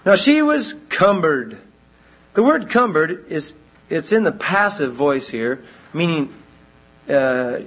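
A man preaching a sermon, animated, acting out quoted voices as he teaches. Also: on the high side, takes it slowly, long pauses. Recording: dull lo-fi recording.

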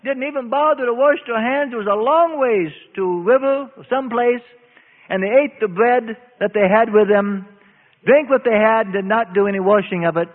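A man preaching a sermon, slow and emphatic, stretching out his phrases. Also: very high voice. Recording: phone-like audio in a reverberant hall.

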